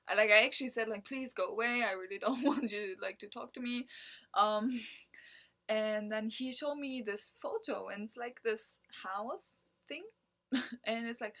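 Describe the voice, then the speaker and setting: A woman's voice: mid-range voice, fairly bright tone. A woman from Germany, a native German speaker, talking casually to camera, telling a story with frequent laughs and fillers. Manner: chatty, laughs often, many fillers like "like". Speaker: vlogger.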